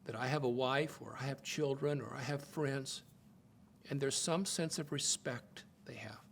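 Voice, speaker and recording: A man's voice: unhurried, gravelly, slight background noise. An older man from the United States, giving a sermon-style talk on marriage, telling family stories and acting out the quotes, often repeating words as he starts a phrase. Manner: expressive, acts out quotes with swings in pitch and loudness. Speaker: speaker teaching on marriage.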